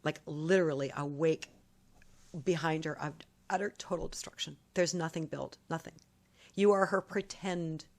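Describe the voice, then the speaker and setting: A woman's voice: deep voice, normal speed. A woman in a casual vlog, telling a long story in an emphatic, accusatory way, often repeating her points. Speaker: vlogger.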